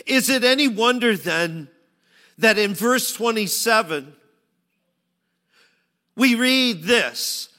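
A man preaching a sermon, shifting from loud pleading cries to hushed, low phrases. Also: animated, slow pace, pauses often, long reverb tail. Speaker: pastor.

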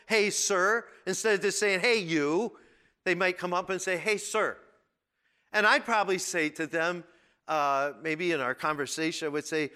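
Middle-aged male pastor, sermon; high, bright voice, chatty explainer. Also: clean tone. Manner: conversational, explanatory, with restarts and asides.

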